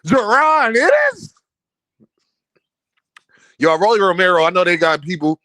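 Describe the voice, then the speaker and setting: A young man giving a casual, trash-talking opinion rant on boxing, animated and repeating himself, laughing often. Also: on the high side, fast, no room sound. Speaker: boxing commentator.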